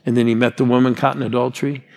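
A man's voice: mid-range voice, flat delivery, racing, creaky, a little mellow. A man in his sixties preaching a sermon as a pastor, rousing and calling out to the congregation. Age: 60s. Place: large church hall. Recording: long hall reverb.

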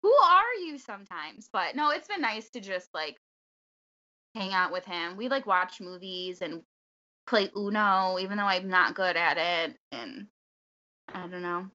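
Chatty woman guest, bright voice. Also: on the low side, unhurried, muffled recording. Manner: chatty, many fillers, laughs often. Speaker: podcast guest. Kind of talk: casual chat.

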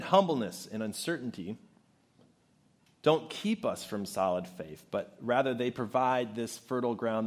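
A man preaching a sermon, shifting into animated, conversational storytelling with casual asides. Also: medium pitch. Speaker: pastor.

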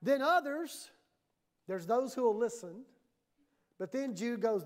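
A woman's voice: a little high, expressive, slow, pauses often, a little mellow. A woman pastor preaching a sermon in a church, emphatic and conversational, often acting out the voices she quotes.

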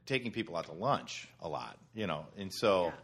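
A man's voice: sits low, animated, moderate pace, vocal fry, fairly bright tone, breathy edge. A man from Wisconsin telling stories in a casual chat, often laughing and acting out the people he quotes. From Wisconsin, USA. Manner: laughing storyteller who swears and acts out people he quotes. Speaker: storyteller in group chat.

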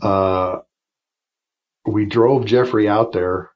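A man's voice: on the low side, fairly even intonation, extremely slow, lo-fi sound. A man in his fifties, a retired Air Force officer, telling long emotional stories as a podcast guest, with restarts and asides. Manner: rambling, emotional anecdotes with many restarts. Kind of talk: storytelling in a casual interview.

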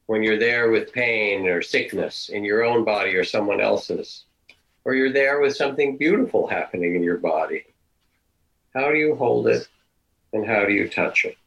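An older man giving a dharma talk as a meditation teacher, telling stories in a gentle, unhurried, reflective way. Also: lowish voice, gravelly, muffled recording.

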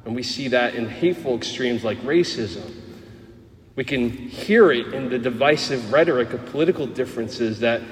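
A middle-aged man with a New Jersey accent delivers a homily from the pulpit, frank and lively, slipping humor into his stories. His voice sits in a mid register and carries into a large, echoey church with a long reverb tail. Faint ambient noise sits underneath. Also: medium pitch. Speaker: Catholic priest.

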